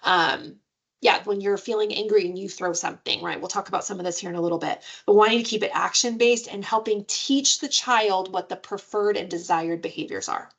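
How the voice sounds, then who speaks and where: Woman giving a parenting webinar, chatty, lots of "right?" and "um", mid pitch. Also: a little fast, a bit bright. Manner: conversational, frequent "right?" and "um"; jumps into playful high-pitched voices when giving examples. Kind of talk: webinar presentation.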